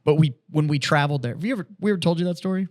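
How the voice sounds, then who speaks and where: A man co-hosting a podcast, telling stories in casual, profane, animated chat. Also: a little high, racing. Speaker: podcast co-host.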